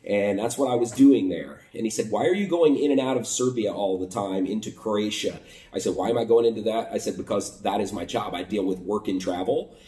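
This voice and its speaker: American guy telling a travel story, low mellow voice, kinda far off in an echoey room. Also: brisk. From United States. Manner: animated retelling, acting out both sides of conversations. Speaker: vlogger. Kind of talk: casual storytelling monologue.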